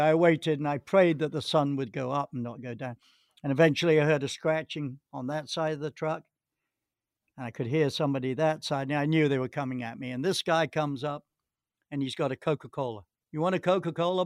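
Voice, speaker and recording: A man's voice: a little high, a little fast, dry recording, clean studio sound. A man being interviewed as a guest, telling long anecdotes with restarts and hesitations. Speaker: golf pro, interview guest. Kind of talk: anecdotal storytelling.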